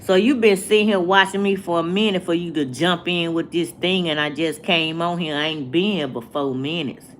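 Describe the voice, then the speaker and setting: A woman, talking to her livestream viewers in a slow, preachy way and asking the same rhetorical questions over and over. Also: on the low side, steady tone, a little hiss or hum. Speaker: vlogger. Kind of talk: casual livestream rant.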